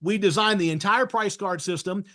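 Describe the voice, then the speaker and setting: A man's voice: high voice, moderate pace, pushed and bright. A man giving a sales training webinar, talking emphatically and often checking in with "right?". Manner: emphatic, frequently tags points with "right?". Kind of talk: webinar masterclass talk.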